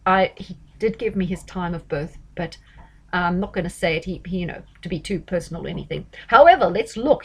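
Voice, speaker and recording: A woman talks through an astrology reading in a loose, chatty way. She is emphatic and animated, and she often stops to correct herself and fills pauses with ums. Her pitch sits in the middle of the usual range for a woman. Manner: chatty and emphatic, with frequent fillers and self-corrections. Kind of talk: casual astrology commentary.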